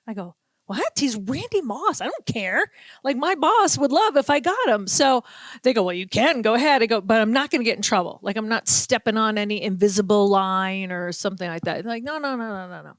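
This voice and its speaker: A woman with a Boston accent, a podcast host and sports reporter telling an animated story and acting out the quotes. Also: on the high side, fairly quick, no echo. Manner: animated storyteller, acts out quotes, laughs often. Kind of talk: casual storytelling chat.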